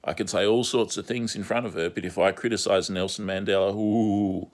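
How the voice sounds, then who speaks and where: Very deep-voiced man ranting insistently. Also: steady tone, fast talker. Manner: insistent, repetitive, emphatic. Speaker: online commentator. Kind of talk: ranting monologue vlog.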